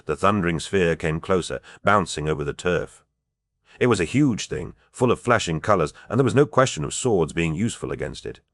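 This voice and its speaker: A man narrating a fantasy audiobook in a measured, even reading style. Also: low-pitched, dry recording. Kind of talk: scripted narration.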